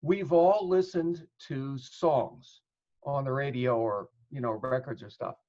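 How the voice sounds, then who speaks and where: A man's voice: mid-range voice, takes it slowly, mellow. A male psychotherapist in an interview, explaining ideas thoughtfully and working through examples. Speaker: psychotherapist guest. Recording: dull lo-fi audio.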